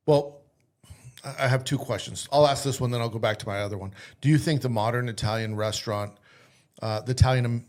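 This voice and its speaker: A man talks quickly in a loose interview chat. He tells his stories brashly and swears freely. He sounds like a host at ease with his guest. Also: mid-range voice. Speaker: host and chef.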